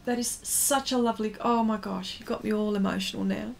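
A woman's voice: fairly high pitch, creaky, a little hiss or hum. A woman artist hosting a livestream, chatting casually with viewers while she paints and answering their comments. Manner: talks slowly while working, trails off into fillers.

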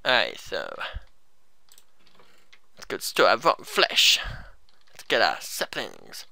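A man giving excitable gameplay commentary, often yelling in panic and swearing. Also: fairly low pitch, slow pace, gravelly, dry recording.

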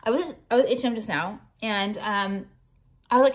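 A woman's voice: mid-range voice, quick pace. Blunt, profane young woman ranting. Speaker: jewelry designer and vlogger. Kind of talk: casual ranting vlog.

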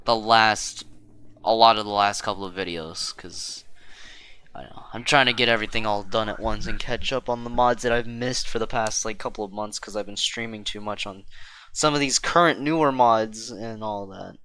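A man chatting loosely over a video game, talking through what he sees and catching his own slips as he goes. His voice sits fairly low but has a bright, forceful edge. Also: clean tone. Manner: rambling, self-correcting, quick to exclaim. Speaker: gaming streamer. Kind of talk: casual gameplay commentary.

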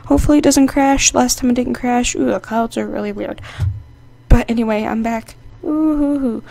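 Chatty, excitable young-sounding woman gamer. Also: fairly high pitch, normal speed, creaky. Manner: chatty, excitable, playfully sassy. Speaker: gaming channel host. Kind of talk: casual gameplay commentary. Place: indoor home setup. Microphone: desk microphone.

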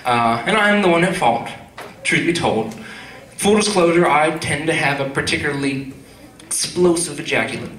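A man's voice: a little high, normal speed, fairly bright tone. A man doing a stand-up comedy set, telling crude stories in a rambling way with plenty of fillers. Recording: echoey room from a distance.

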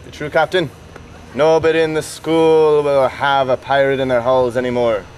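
A man's voice: medium pitch, little pitch movement, normal speed, darkish tone, slight background noise, natural voice. A man playing a put-upon young pirate crewman who complains in mock pirate talk. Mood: aggrieved.

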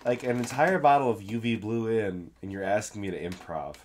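A man's voice: lowish voice, brisk. A man co-hosting a casual podcast, drunk and sick, with sardonic, self-deprecating remarks. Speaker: podcast co-host. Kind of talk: casual chat.

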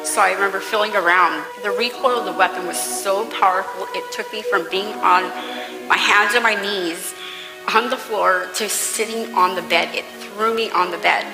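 A woman tells her personal testimony in a quiet, halting way. Her voice rings with a long hall reverb and clear music underneath. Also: medium pitch, fairly even intonation.

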